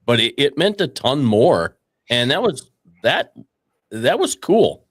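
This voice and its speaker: A man's voice: mid-range voice, big pitch swings, slow pace, slightly rough. A man hosting a casual chat, easygoing and chuckling as he talks. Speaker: host.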